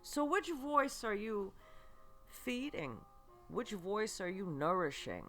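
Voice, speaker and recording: A woman who is a podcast host and psychic reader gives a spiritual self-help monologue, slow and earnest, repeatedly asking the listener rhetorical questions and checking in with "okay." Her medium-pitched, bright voice swoops through big pitch swings at an unhurried pace, over faint music.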